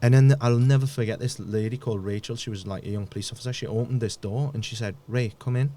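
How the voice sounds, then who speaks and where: A man, a podcast guest, telling a painful personal story in a halting way, often repeating words and dropping almost to a murmur. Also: fairly low pitch, fairly even intonation, dark tone, slight background noise.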